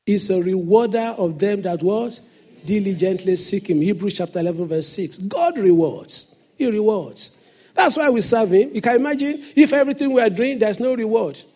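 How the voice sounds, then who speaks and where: A man's voice: high voice, expressive, normal speed, mellow. A man preaching a sermon as pastor in a church, with emphatic call-and-response questions to the congregation.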